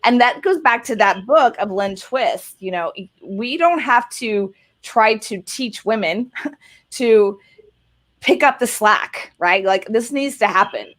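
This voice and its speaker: A woman's voice: fairly high pitch, animated, slow, a bit bright. A woman hosting a casual interview over a video call, encouraging her guest and often adding "right?". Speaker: host.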